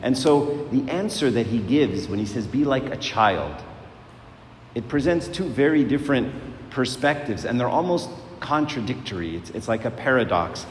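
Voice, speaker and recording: A man's voice: medium pitch, animated, normal speed. A man preaching a sermon in a conversational way, repeating words and asking rhetorical questions. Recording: echoey hall, faint noise.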